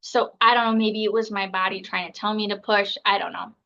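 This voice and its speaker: A woman in her thirties tells a story as a podcast guest, chatting freely with lots of fillers and acting out other people's lines. Her voice is bright and forward. The audio is a little dull and muffled. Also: mid-range voice, steady tone, a little fast, creaky. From United States. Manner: chatty, filler-heavy, acts out others' words. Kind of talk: casual storytelling.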